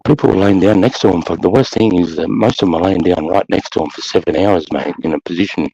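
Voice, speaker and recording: Gravelly, husky, and mellow, this low male voice talks fast through a muffled recording. He's an ex-soldier with an Australian accent guesting on a casual podcast, telling war stories in a blunt, sweary way with heavy use of "mate" and "bro."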